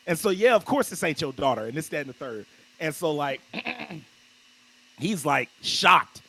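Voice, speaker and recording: A young man co-hosting a podcast, recapping an anime plot in a slangy, animated storytelling manner and clearing his throat often. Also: on the high side, unhurried, long pauses. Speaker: podcast co-host. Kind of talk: casual anime recap chat.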